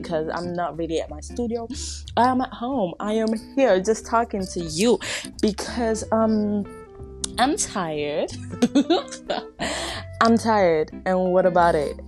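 Her lowish voice keeps a measured pace as she rambles through a casual home podcast she hosts, giggly, self-deprecating and tripping over words. The unedited recording comes from a phone or device with no mic close by, and faint pop music plays softly behind her.

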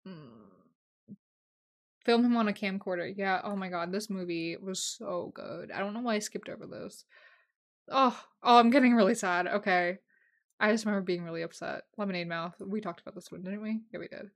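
A young woman hosting a casual solo podcast, gushing and emotional, swinging between loud excited bursts and quiet asides. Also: mid-range voice, a little fast. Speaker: podcast host.

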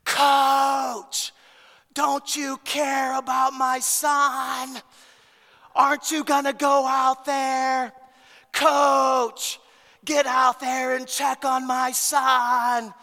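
A man voicing a pushy mother who shouts demands across a quiet football field from the stands, in a shrill, carrying voice. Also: monotone, very slow, long reverb tail, heavily acted. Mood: shouting. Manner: yelling, demanding.

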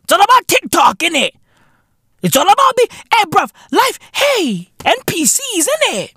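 A man putting on a high-pitched mocking roadman. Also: wildly swooping pitch, moderate pace, no echo, clean studio sound, full character voice. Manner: high, loud, slang-heavy mocking. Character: brash young male TikTok roadman, slangy.

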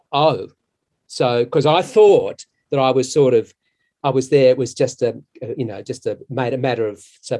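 A middle-aged man, a stage actor, telling a long anecdote in a casual, halting way with many restarts. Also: mid-range voice, a little mellow. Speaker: musical theatre actor, interview guest.

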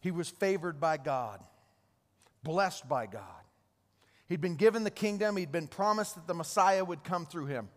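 A man's voice: fairly high pitch, expressive, moderate pace. A man preaching a sermon, retelling Bible stories with restarts and repeated words. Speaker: pastor. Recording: long hall reverb.

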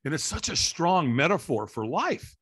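A middle-aged man, a guest in an interview, telling a story with energy and acting out the voices and shouts of the people in it. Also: a little high, moderate pace, breathy edge. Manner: lively, acts out quoted voices and shouts. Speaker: interview guest, firewalk instructor.

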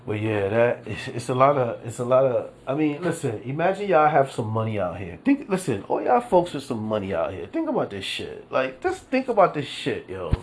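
A man's voice: mid-range voice, wildly swooping pitch, a little hiss or hum. A man hosting a casual solo podcast, ranting in disbelief, profane and rambling, with lots of repeats and fillers. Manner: drawn-out disbelieving emphasis. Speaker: podcast host.

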